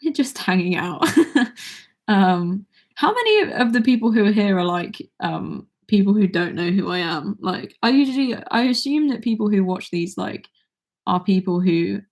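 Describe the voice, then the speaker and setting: A woman's voice: medium pitch, moderate pace. A nineteen-year-old woman with an English accent, chatting casually on a livestream and reading viewer comments aloud between songs.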